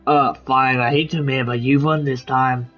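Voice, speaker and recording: A man's voice: medium pitch, fairly even intonation, moderate pace, lo-fi sound, over music. A young man commenting casually while he plays a game, rambling through fillers and restarts. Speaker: gaming video creator. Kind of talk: casual let's-play commentary.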